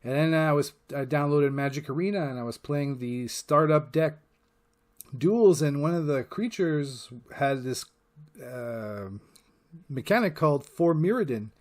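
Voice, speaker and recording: A man's voice: a little high, expressive, unhurried. Rambling, profane man talking casually. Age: adult parent. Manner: rambling and profane, heavy with fillers. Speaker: channel host. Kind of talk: casual rambling vlog monologue.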